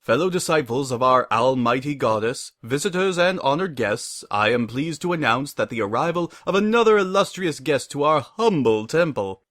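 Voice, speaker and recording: A man voicing a pompous stallion high priest giving a grandiose address. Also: animated, normal speed, hardly any pauses, fairly bright tone, dry recording, clean studio sound, close to an everyday voice.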